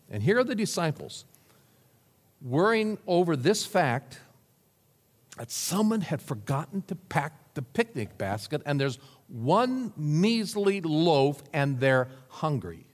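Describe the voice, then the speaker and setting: In a reverberant hall, a pastor with a fairly high-pitched voice preaches slowly but with great animation. He tells stories through his sermon, laughing softly and playing the parts of the people he quotes.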